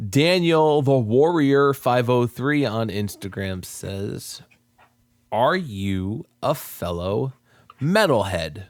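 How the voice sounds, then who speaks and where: A man's voice: medium pitch, expressive, slow, dry recording, clean studio sound. A man hosting a podcast, joking around and reading out listener questions in casual chat. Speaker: podcast host.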